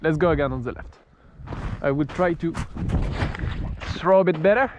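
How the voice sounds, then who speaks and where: A man's voice: a little high, moderate pace, dull audio, background noise. A man with a French accent, chatting casually as he flies a glider outdoors in the snow, laughing often and restarting his sentences. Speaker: RC glider pilot and vlogger. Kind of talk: casual running commentary while flying. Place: outdoors on a snowy, freezing field.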